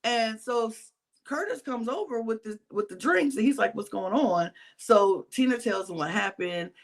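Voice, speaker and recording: Animated woman recapping drama. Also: a little high, normal speed. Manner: animated storytelling, retelling scenes. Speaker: podcast co-host. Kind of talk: casual reality-TV recap chat.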